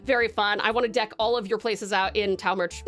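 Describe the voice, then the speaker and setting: A woman's voice: mid-range voice, steady tone, brisk, a bit bright. An Australian woman from Tasmania chatting casually with viewers on a live stream, bubbly and gushing, with lots of fillers and restarts. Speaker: livestreamer.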